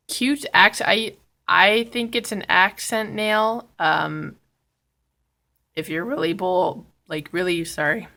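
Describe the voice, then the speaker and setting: A young woman from Canada hosting a casual nail tutorial vlog while sick and in pain, speaking quietly and rambling with many fillers and apologies. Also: fairly low pitch. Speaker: host of a nail art channel.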